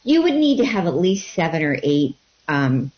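A woman guest telling a personal story about becoming a healer, in a halting way with many fillers and restarts. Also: deep voice, very animated, dull audio.

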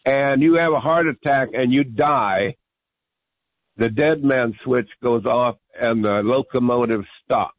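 Over a muffled radio broadcast with no echo, a man calling in to a talk show debates the host insistently and keeps repeating himself. His voice is mid-range and his pace a little slow.

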